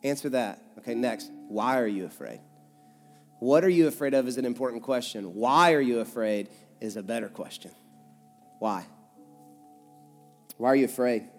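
A man's voice: medium pitch, animated, a little slow, pauses often. Man preaching in an echoey church. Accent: Kentucky. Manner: conversational, emphatic preaching with sharp shifts from loud to hushed. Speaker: pastor. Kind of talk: sermon. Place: church sanctuary. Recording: church hall reverb with soft music.

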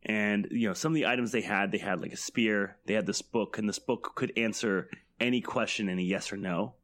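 A man's voice: lowish voice, fairly even intonation, fairly quick, fairly bright tone. A man, a guest on a podcast and a game master, telling a story in a laid-back way with lots of fillers. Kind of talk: casual podcast chat.

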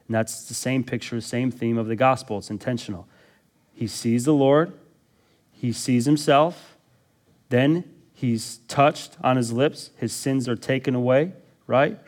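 A man's voice: medium pitch, darkish tone. A man preaching a sermon as pastor, emphatic and often prompting the congregation with "listen" and "okay". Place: church sanctuary.

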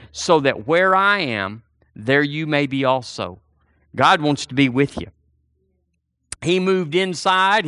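A male preacher delivers a fervent sermon and keeps circling back to the same phrases. His voice is bright and forceful. It sits a little high, and the sound is close and dry. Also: no echo. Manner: fervent, repetitive preaching with call-and-response.

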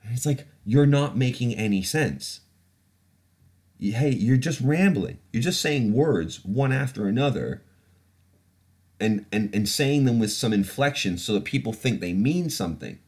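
A man's voice: medium pitch, lively intonation, a little slow, darkish tone. Heated, profane male podcast host. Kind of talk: casual podcast rant.

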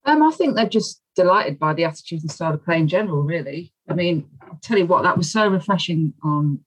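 A woman talking about her football club with an enthusiastic, warm manner. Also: fairly low pitch, lively intonation, a little fast, husky, rough recording. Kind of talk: casual chat.

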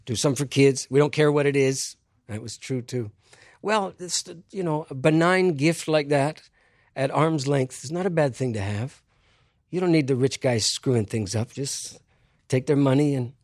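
A man answering an audience question with a reflective story. He talks deliberately with pauses, makes wry asides and laughs at his own jokes. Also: medium pitch, a little mellow, dry recording, studio quality.

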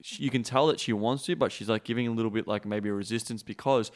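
A man's voice: on the low side, fast. A man hosting a podcast, talking loosely with many "like"s and some swearing. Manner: loose, uses lots of "like", swears. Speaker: podcast host. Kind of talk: casual podcast chat.

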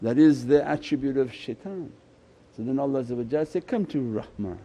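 A man giving a Sufi sermon as shaykh, impassioned and pleading, his voice swelling loud and then dropping low. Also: fairly even intonation, fairly quick.

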